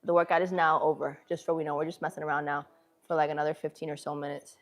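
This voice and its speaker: A woman's voice: sits low, level tone, quick pace. A woman hosting a casual livestream from a gym, with a northern city accent, talking to her viewers in a slangy, chatty way. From northern United States. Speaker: livestream host. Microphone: phone camera.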